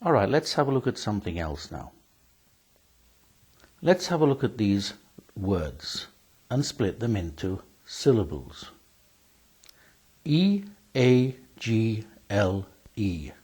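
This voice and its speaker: A man's voice: fairly low pitch, sing-song, slow pace, pauses often, a little mellow, breathy edge, rough recording. A man teaching a spelling lesson, speaking carefully and spelling words out letter by letter.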